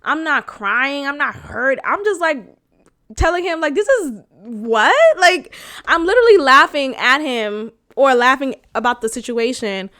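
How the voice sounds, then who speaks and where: A woman podcast host telling a personal dating story to her listeners, blunt and animated, swearing freely and laughing as she talks. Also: high-pitched, normal speed.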